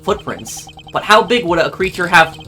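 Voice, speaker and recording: A man voicing a composed male prosecutor in a measured, formal way while playing a game. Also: high voice, very animated, pushed and bright, soft background music, heavily acted. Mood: pondering.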